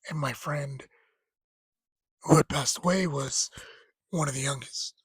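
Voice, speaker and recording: A man's voice: mid-range voice, a little slow, breathy edge, no echo, poor audio. A man in his thirties casually recounting a story about a late friend, rambling, laughing and sometimes tearful. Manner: rambling, laughs while retelling, quotes friend in lively voices. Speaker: storyteller sharing grief.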